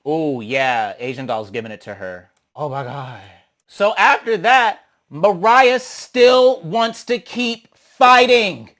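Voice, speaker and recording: A young man hosting a casual, sassy recap of a reality show, animated and blunt, often slipping into mocking voices for the cast. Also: a little high, takes it slowly.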